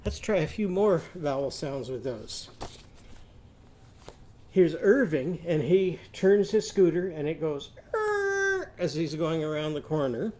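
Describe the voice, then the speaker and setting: A man with a fairly high, mellow voice leads a literacy lesson for young children. He stretches out speech sounds and syllables so the class can copy them, then invites everyone to repeat after him. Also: animated, unhurried. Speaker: teacher.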